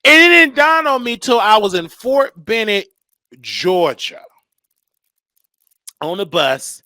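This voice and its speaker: A young man hosting a show, telling a comedic story in an animated way and acting out the voices. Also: high voice, slow pace, dry recording. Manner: animated, acts out voices, laughs between lines. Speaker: show host.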